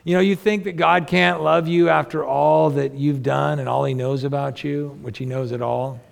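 Gravelly, earnest male preacher. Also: fairly high pitch, steady tone, moderate pace. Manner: earnest preaching with rhetorical questions to the listeners. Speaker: pastor. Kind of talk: sermon.

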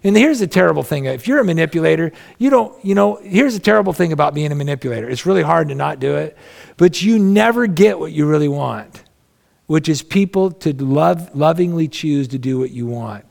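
A man's voice: a little high, animated, brisk, gravelly, a little mellow. A male pastor preaching a sermon in a conversational, folksy way, with humorous asides.

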